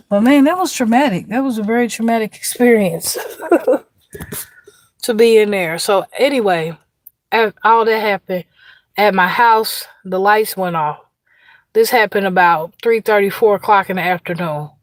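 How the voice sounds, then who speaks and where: With a medium pitch and no room sound, an Indiana-accented woman from the US Midwest tells a laid-back story as host of an outdoor livestream. She chats, laughs, and says hello to viewers by name.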